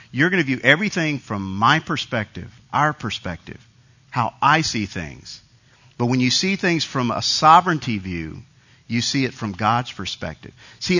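A male preacher delivers a sermon in a conversational, emphatic style, driving his points home with repetition. His voice is bright and forceful, and the recording sounds a little dull and lo-fi. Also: medium pitch. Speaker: pastor.

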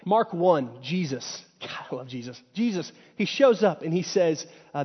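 A man's voice: high voice, sing-song, moderate pace, few pauses, breathy edge. A man preaching a sermon in a conversational way. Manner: conversational, acts out quoted inner voices. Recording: dull lo-fi sound with long hall reverb.

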